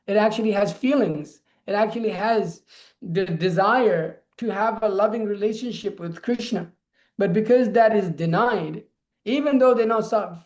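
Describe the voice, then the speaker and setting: A man's voice: high-pitched, darkish tone. A man speaking casually in a scripture class, rambling with many restarts. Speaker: lecturer on scripture. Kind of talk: informal scripture class talk.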